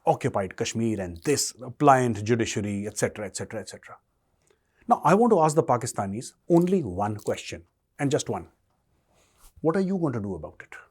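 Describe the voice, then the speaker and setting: A man's voice: medium pitch, very animated, a little fast, darkish tone, breathy edge. A middle-aged man with an Indian English accent giving a combative political monologue, taunting and sarcastic, repeating rhetorical questions. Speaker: commentator.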